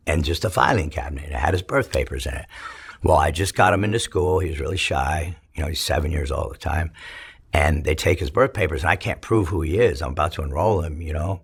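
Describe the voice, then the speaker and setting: Very husky low-voiced man. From California. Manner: profane, rambling, fast retelling with many restarts. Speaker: interviewee telling his life story. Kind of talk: casual storytelling.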